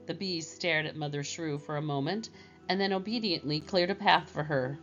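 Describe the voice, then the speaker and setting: Woman reading a gentle storybook. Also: low-pitched, normal speed, highs cut off, faint music behind. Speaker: narrator. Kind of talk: storybook narration.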